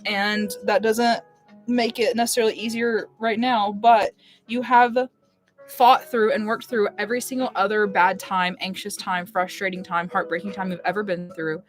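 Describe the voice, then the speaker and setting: A woman's voice: medium pitch, flat delivery, moderate pace. A woman chatting casually and frankly with her viewers during a live stream, reassuring and direct. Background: faint music playlist.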